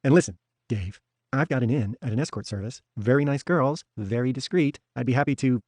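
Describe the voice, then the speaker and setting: A man's voice: mid-range voice, brisk, darkish tone, no room sound, lightly acted. A man voicing a nervous, overeager middle-aged hustler in debt, reading an audiobook with a pushy, ingratiating manner. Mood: eager. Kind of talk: audiobook character voice.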